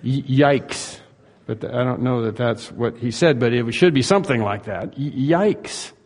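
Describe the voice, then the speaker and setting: A man's voice: medium pitch, normal speed, darkish tone, long reverb tail. A male pastor preaching a sermon in an earnest, emphatic way, asking his listeners rhetorical questions.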